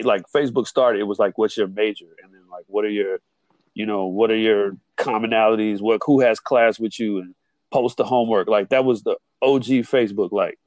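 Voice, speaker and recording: A man's voice: brisk, dry recording. A man telling a college story in casual chat, acting out the people he quotes. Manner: animated, acts out quotes with jumps in pitch.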